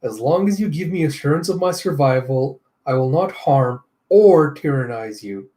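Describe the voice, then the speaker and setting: A man voicing a scheming male villain chef with a slow, smug, high sing-song delivery. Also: expressive, dark tone, close to an everyday voice.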